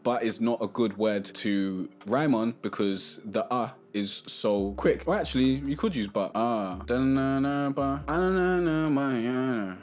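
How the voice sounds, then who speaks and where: A man hosting a casual music tutorial, talking to camera in a relaxed, chatty way and sometimes singing short melody snippets. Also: fairly low pitch, a little slow, few pauses.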